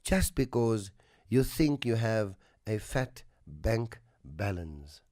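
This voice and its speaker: A man hosting a radio talk show, telling a moral story in a slow, earnest way that drops to a soft hush at its tender moments. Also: fairly low pitch, sing-song, dry recording, clean studio sound. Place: radio studio.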